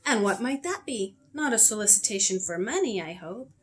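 A woman's voice: mid-range voice, normal speed, a bit bright, slight background noise, close to an everyday voice. A woman reading aloud as a wary, suspicious mother answering a phone call. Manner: suspicious, sarcastic.

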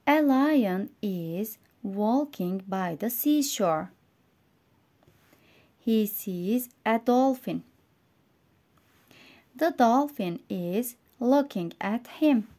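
A woman with a Turkish accent teaching English vocabulary and reading a simple story aloud, slow and clear, going word by word. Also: on the high side, lively intonation, darkish tone. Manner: slow, clear, explaining words one by one.

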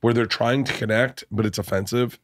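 A middle-aged man hosts a podcast and swaps comic stories with a guest. He talks in an animated, profane, laughing way. His voice sits at an ordinary pitch. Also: brisk, no echo, clean studio sound. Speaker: podcast host. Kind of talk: casual comedic storytelling.

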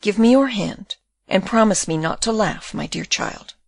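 A woman reading the part of a condemned young man in prison, speaking in a tender, calm and consoling way. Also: medium pitch, moderate pace, vocal fry, dry recording.

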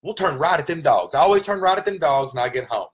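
A man voicing a simple, good-natured country teenage boy, speaking in a halting, plain-spoken way. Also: on the high side, animated, lightly acted. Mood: earnest.

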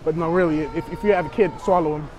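A man's voice: fairly high pitch, steady tone, fast talker, darkish tone, slight background noise. A young man chatting brashly to strangers in a store, joking and provoking as a prank vlogger. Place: inside a store.

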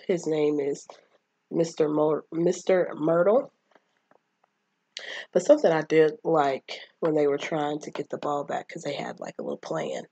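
A woman's voice: deep voice, creaky, mellow, breathy edge, no room sound, highs cut off. A woman casually retelling a childhood movie, chatting and acting out the characters' lines. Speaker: movie recapper.

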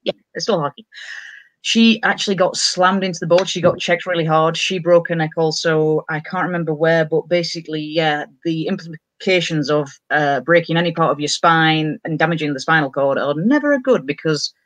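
A woman's voice: low-pitched, moderate pace, dry recording. A woman hosting a casual live-streamed chat show. She is bubbly and scattered and laughs often. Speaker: livestream show host.

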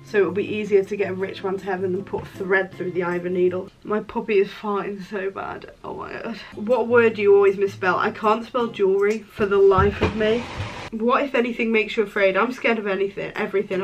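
A woman's voice: mid-range voice, low-quality recording. A young woman talking casually in a crafting vlog, chatty and joking with self-mocking asides. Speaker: crafting vlogger.

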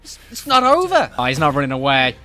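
A man giving joking, excitable commentary while playing a game, often shouting at enemies. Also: on the high side, fast, soft background music. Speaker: gaming YouTuber. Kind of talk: comedic let's-play commentary.

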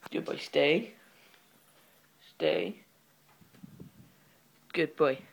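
A teenager vlogging at home, rambling in halting, filler-heavy chat and breaking off to give a dog short commands. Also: medium pitch, creaky. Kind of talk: casual home vlog.

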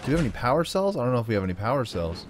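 A man's voice: mid-range voice, very animated, rapid-fire, very noisy. A man giving let's play commentary as a gaming channel host, joking and teasing the game characters.

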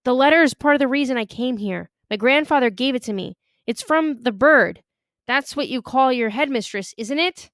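A woman's voice: sits high, expressive, normal speed, a bit bright, no echo, clean studio sound, voice pushed up. A woman voicing a panicked American teenage boy who pleads and stammers. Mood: pleading.

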